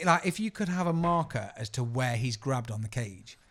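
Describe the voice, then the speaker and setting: A man's voice: medium pitch, moderate pace. Foul-mouthed man spinning anecdotes. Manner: swearing, animated anecdote-teller. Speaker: podcast co-host. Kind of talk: casual podcast chat.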